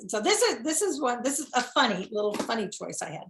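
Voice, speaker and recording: A chatty middle-aged woman with a fairly high voice, talking as an interview guest. She tells her story in a laughing, self-deprecating way. The sound carries a noticeable room echo. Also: sing-song, fast, a little hiss or hum. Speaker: guest speaker. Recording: echoey room.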